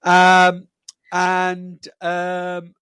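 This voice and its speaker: A man's voice: high voice, completely flat delivery, drawn-out words, pushed and bright, clean tone, dry recording. A man co-hosting a casual podcast, talking loosely with lots of fillers and restarts. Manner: rambling, many fillers and restarts. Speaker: podcast co-host.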